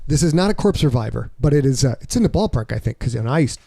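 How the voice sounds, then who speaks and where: A man's voice: medium pitch, expressive, racing, gravelly, hardly any pauses, warm tone, dry recording. A middle-aged man hosting a casual livestreamed podcast, joking and playful. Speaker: podcast host.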